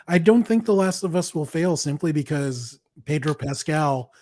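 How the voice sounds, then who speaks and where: A man's voice: on the high side, lively intonation, normal speed, darkish tone, dry recording. A man co-hosting a podcast, chatting casually as an enthusiastic fan who laughs easily. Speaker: podcast co-host. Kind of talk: casual chat.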